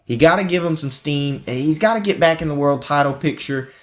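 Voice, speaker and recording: Animated man recapping wrestling storylines. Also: fairly high pitch, brisk. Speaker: wrestling podcast host. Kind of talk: casual prediction chat.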